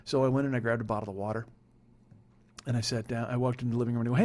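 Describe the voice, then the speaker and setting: Fast-talking, profane comedy podcast host. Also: male voice, medium pitch, a little mellow. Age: 40s. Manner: rambling, profane, self-mocking. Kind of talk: comedic storytelling monologue.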